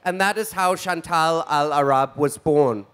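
On an event stage in front of an audience, a drag queen host in his forties delivers flamboyant, theatrical camp banter. He speaks unhurriedly in a slightly high, fairly bright voice that is clear and resonant.

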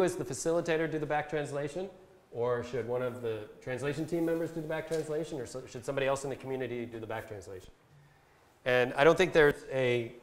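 A man presenting a Bible translation workshop, explaining step by step in a casual instructional style with fillers, and reading verses slowly. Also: medium pitch. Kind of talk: casual instructional talk with screen demo. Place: talk given at a camp session. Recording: echoey room sound.

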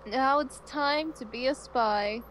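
A woman with a high-pitched, slightly bright voice chats slowly during a game playthrough as a co-player in casual let's-play commentary. She's laid-back and giggly, giving short replies, over slight background noise on a low-quality recording.

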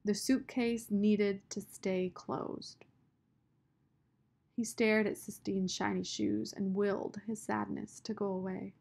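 Narrator: woman, unhurried and measured, reading a children's book aloud. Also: medium pitch, little pitch movement, vocal fry, a little mellow. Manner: slow, measured storytelling. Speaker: audiobook narrator.

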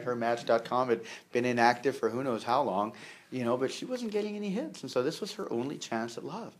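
A man delivering a sermon in a relaxed, conversational way. His voice sits at an ordinary middle pitch. He fills pauses with "you know" and "uh", repeats words as he finds them, and drops in jokes along the way. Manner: conversational, with humor and acted-out quotes; many fillers and repeated words. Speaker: preacher.

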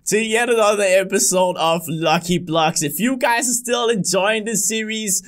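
A man hosting a casual gaming video, excitable and quick to yelp and laugh at surprises. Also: sits high.

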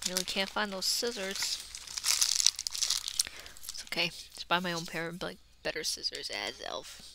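A woman in a casual card-opening vlog, chatting and murmuring to herself, then bursting into excited squeals. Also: lowish voice, measured pace, gravelly, heavy background noise. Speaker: YouTube creator.

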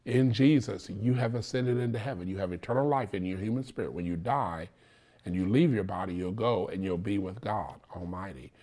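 A man's voice: lowish voice, fairly quick, mellow. A man preaching a sermon, teaching in short repeated phrases and checking in with "okay?". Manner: repetitive, insistent teaching with frequent "okay?" check-ins.

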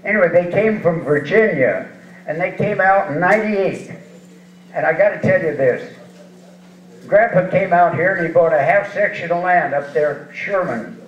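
Speaking at a moderate pace in a high-pitched voice, this rodeo hall of fame inductee from eastern Washington, a man in his eighties, spins folksy, wandering stories with chuckles as he's interviewed on stage. There's slight background noise, and the hall sound is distant, dull and echoey.

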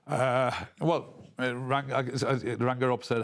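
A man giving an emotional news interview, talking haltingly with many restarts and repeated words. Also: mid-range voice, little pitch movement. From England.

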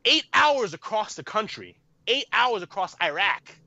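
A man in his thirties, a guest on an interview podcast, telling a story in a rambling, animated way with lots of fillers. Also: high-pitched, unhurried, creaky, no echo. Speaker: podcast guest, army veteran. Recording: muffled lo-fi, dry room.

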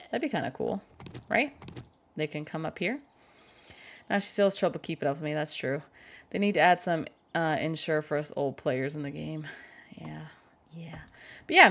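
A woman's voice: sits low, gravelly, slight background noise. A woman chatting casually and joking crudely with her chat while she streams a game. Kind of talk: casual live-stream commentary.

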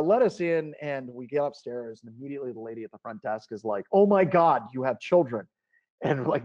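Man telling a keynote story, lo-fi audio. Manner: animated, jumps to high pitch for quoted voices. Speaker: keynote speaker. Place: conference stage.

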